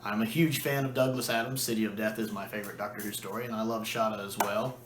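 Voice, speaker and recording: A man's voice: lowish voice, fairly even intonation, quick pace, roomy sound, a little hiss or hum. A man chatting casually and enthusiastically as a video reviewer, with a few restarts and fillers. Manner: enthusiastic, acts out quoted lines.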